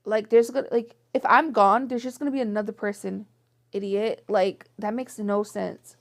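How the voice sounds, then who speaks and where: A woman's voice: mid-range voice, steady tone, normal speed. A young woman telling a personal story in a vlog, venting her frustration and filling her talk with "like". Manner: frustrated, venting, heavy use of "like". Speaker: vlogger.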